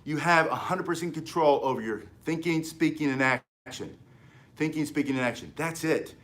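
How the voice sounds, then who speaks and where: Man, martial arts instructor, emphatic lecture, fairly high voice. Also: expressive, normal speed, fairly bright tone. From United States. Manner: emphatic, preachy, acts out quoted voices. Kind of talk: unscripted talk to camera.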